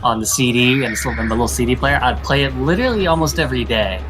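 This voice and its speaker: A man chatting casually with friends on a stream, quick to agree. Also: medium pitch, lively intonation, over loud music. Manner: eager agreeing, repeats yeah. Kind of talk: casual chat.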